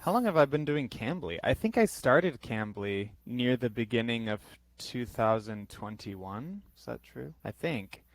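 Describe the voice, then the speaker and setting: A man's voice: mid-range voice, expressive, unhurried, hardly any pauses, no room sound, rough recording. A young American man, an English tutor, answering questions casually over a video call and thinking aloud with many fillers. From United States. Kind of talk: casual interview.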